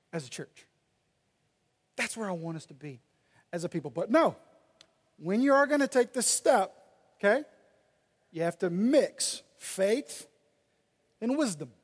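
A male pastor preaching a sermon and reading scripture aloud, swinging between loud and soft delivery. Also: high voice, very animated, slow, long pauses, breathy edge. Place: church sanctuary. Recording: long reverb of a large hall.

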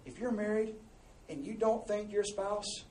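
A high-voiced male pastor preaching in a big echoey church hall, heard from a little way off the mic. He delivers the sermon in an animated, joking way, teasing the crowd between readings of scripture. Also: measured pace, far from the mic, a little hiss or hum.

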